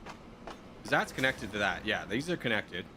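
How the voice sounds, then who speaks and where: A man's voice: fairly low pitch, big pitch swings, measured pace, noisy background. A man casually commenting on his own gameplay while live streaming, muttering to himself as he builds and answering chat.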